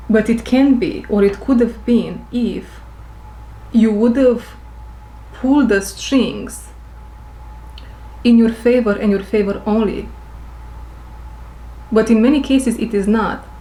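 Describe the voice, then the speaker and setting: A woman who speaks English as a second language, giving an intuitive spiritual reading to her viewers. She talks slowly, repeats her phrases and searches for words. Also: on the high side, dark tone, roomy sound. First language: not English. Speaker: intuitive reader.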